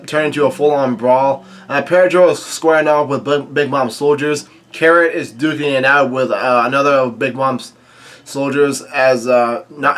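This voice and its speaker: Halting male comic-recap host, bright forward tone, middle pitch. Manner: halting, frequent fillers and restarts, quick asides. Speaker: manga reaction host. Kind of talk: casual chapter recap, reading out dialogue.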